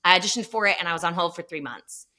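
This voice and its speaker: A middle-aged woman, a guest actor, telling stories in a casual podcast chat and acting out quotes with energy. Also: lowish voice. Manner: animated storyteller, quick to act out quotes.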